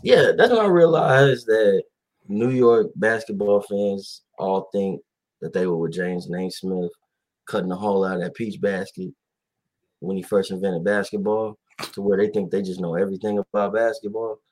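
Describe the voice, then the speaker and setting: A man's voice: on the low side, normal speed, darkish tone. A man hosting a casual talk show, rambling animatedly with many fillers and acted-out quotes. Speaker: podcast host. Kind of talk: casual chat about basketball.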